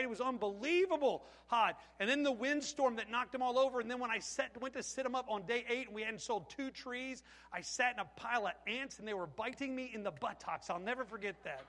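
A man preaching in a high, bright voice, swinging between lively storytelling and loud shouted lines. His voice rings out with a long reverb, like a big church hall. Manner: animated storytelling, acts out shouted quotes. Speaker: pastor. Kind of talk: sermon.

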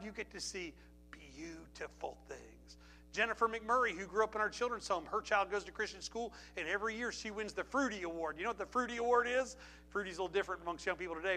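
High bright-voiced pastor preaching. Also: male voice. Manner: storytelling, emphatic, repeats phrases. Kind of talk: sermon with altar call.

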